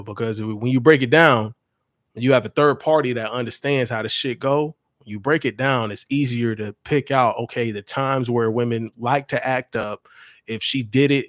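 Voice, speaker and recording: A young man who works as a dating coach, talking to his viewers in a casual livestream, blunt and profane and quick to laugh. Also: medium pitch, no echo, studio quality. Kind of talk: casual livestream chat to camera.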